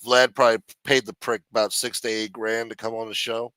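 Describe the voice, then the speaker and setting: A man's voice: fairly low pitch, little pitch movement, a little fast, pushed and bright, no room sound. A man hosting a late-night talk show, giving sardonic, profane commentary. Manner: sardonic, profane, mumbling asides.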